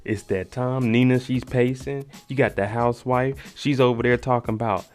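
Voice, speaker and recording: A man's voice: mid-range voice, steady tone, moderate pace, darkish tone, faint music behind. A man giving a casual, joking recap of a TV episode, talking slangy and aside to the viewer. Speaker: TV recap host.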